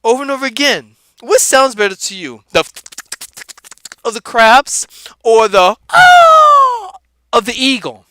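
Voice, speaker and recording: A man putting on a laid-back, high-voiced, street-talking comedic character, delivering an animated, preachy motivational rant that rattles off repeated words. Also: heavily acted.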